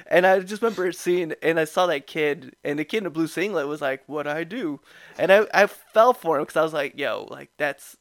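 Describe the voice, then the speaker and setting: A man hosting a podcast, telling a story in a casual, animated way with frequent laughs and restarts. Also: fairly high pitch, a little fast, hardly any pauses, no echo, clean studio sound. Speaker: podcast host.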